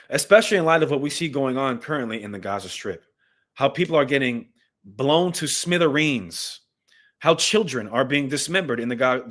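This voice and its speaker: A man's voice: mid-range voice, fairly bright tone. A man hosting a live stream, reading news and scripture aloud and commenting on it with passion, talking straight to his viewers. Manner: impassioned, talks straight to viewers, reads texts aloud. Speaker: livestream host and Bible commentator.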